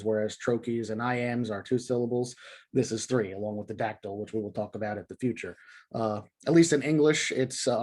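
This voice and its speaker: A man hosting a video lesson on poetic meter, explaining in a relaxed, casual way with many fillers. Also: medium pitch. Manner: reads poem lines slowly and rhythmically. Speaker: poetry teacher and video host.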